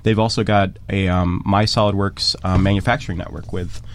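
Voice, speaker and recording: A man answering questions as a guest on a radio talk show, halting, with many fillers and restarts. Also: low voice, fairly even intonation. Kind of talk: radio interview.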